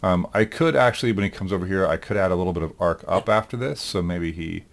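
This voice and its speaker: A male instructor with a deep, low voice walks through a software demo in a recorded lecture. He thinks aloud in an easygoing way. He often pauses on "um" as he works. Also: gravelly, slight background noise. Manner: thinks aloud, relaxed, with frequent ums. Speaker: animation instructor.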